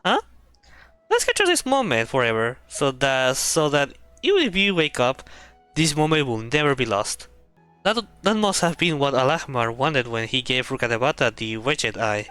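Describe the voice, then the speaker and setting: A woman's voice: a bass voice, very animated, moderate pace, fairly bright tone, clean tone, faint music behind. A woman streaming a video game, reading the dialogue aloud and reacting emotionally, laughing and stammering often. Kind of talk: casual gameplay commentary, reading dialogue aloud.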